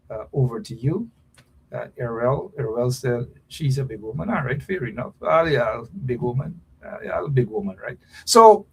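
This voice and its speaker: A middle-aged man from Guyana with a Guyanese accent, hosting a talk show in a playful, teasing preachy monologue that swings from loud calls to mumbled asides. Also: mid-range voice, husky. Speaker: radio and streaming show host.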